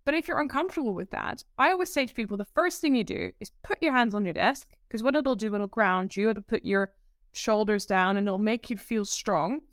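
A woman presentation coach being interviewed over a video call, talking in an animated, emphatic way and acting out the people she quotes. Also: medium pitch, fairly quick, no echo, studio quality. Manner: expressive, emphatic, acts out quotes. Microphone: video call setup.

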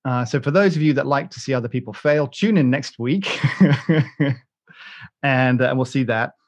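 A man's voice: mid-range voice, normal speed. A British man hosting a podcast, chatting casually in a rambling, joking way with many restarts and fillers. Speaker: podcast host. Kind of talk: casual chat.

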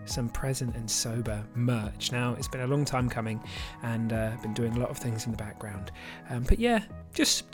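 A man hosting a casual podcast, chatty and rambling, quick to laugh at himself. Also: mid-range voice. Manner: chatty, rambling, self-deprecating, laughs easily. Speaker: podcast host.

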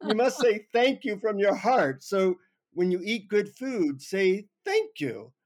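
A man's voice: high-pitched, expressive, takes it slowly, voice pushed up, full character voice. A man voicing a stern male guru with an Indian accent in a spoken story. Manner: stern, solemn pronouncements.

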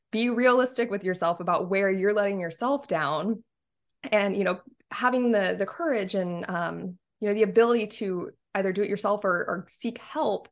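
A woman fitness coach talking candidly in an interview, with lots of "like" and "you know". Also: on the low side. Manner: candid, uses many fillers like "like" and "you know". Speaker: health and fitness coach, guest. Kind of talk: casual interview talk.

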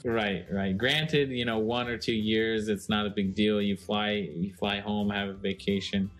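Man, casual podcast co-host, fairly low voice, rambling, faint music in the background. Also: measured pace. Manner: relaxed, rambling with many fillers.

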